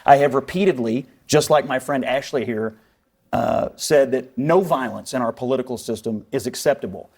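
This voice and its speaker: A man on a TV news panel, arguing forcefully and indignantly. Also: medium pitch, moderate pace. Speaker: panel guest. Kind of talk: heated TV panel debate.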